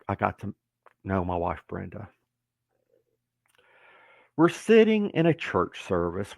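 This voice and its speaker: A man in his sixties, a former wrestler, telling stories as a podcast guest in a joking, animated way, acting out the people he quotes. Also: lowish voice, gravelly, no echo. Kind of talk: casual storytelling.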